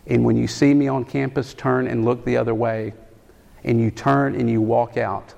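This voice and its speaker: A man preaching a sermon, animated, building to loud emphatic peaks. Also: mid-range voice, moderate pace, creaky. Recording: long hall reverb.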